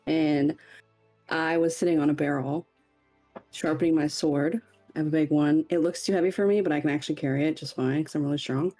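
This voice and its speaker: A woman's voice: sits low, steady tone, brisk, mellow, faint music behind. A woman player describing her character in a hesitant, run-on way.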